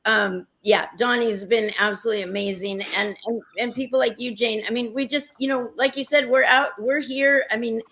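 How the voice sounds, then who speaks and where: A woman's voice: on the high side, fairly even intonation, normal speed, few pauses. A woman who rescues chimpanzees gives thanks in a live remote interview, grateful and repeating herself. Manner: warm, grateful, repetitive.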